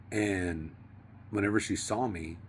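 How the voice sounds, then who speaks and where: A man vlogging in a casual, rambling monologue, profane and slangy, sometimes dropping to a hush. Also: fairly low pitch, a little hiss or hum.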